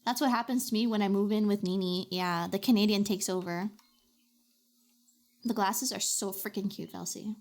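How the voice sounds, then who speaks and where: A woman streamer chatting casually with her chat while drawing, with dramatic, expressive reactions. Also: medium pitch, normal speed.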